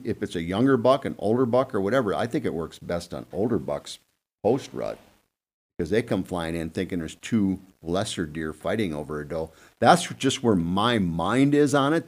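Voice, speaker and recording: A lower-pitched man tells stories in a lively, swooping voice that rises and drops as he acts out little scenes. His talk is casual and energetic, full of asides. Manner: animated, acts out deer and buddies in quick asides. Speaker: guest hunting expert. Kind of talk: casual storytelling on a podcast panel.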